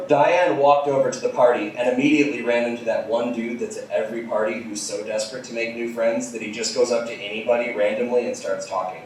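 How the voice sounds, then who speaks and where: A man's voice: mid-range voice, quick pace, few pauses, slight background noise. Man reading crude comedy in a theater. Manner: deadpan storyteller with crude asides. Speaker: comedy reader. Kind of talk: comic live reading of fan fiction. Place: small theater with audience. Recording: distant, echoey live theater recording.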